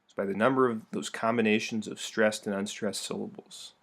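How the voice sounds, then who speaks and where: A man's voice: on the low side, steady tone, brisk. A young man teaching a recorded lesson, playful and full of joking asides.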